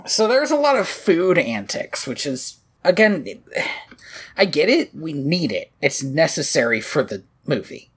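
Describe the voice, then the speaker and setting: Woman, podcast co-host, husky lowish voice, swooping pitch, chatty animated recap. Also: a little slow. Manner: animated, laughing, swearing, quoting lines in funny voices. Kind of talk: casual movie recap chat.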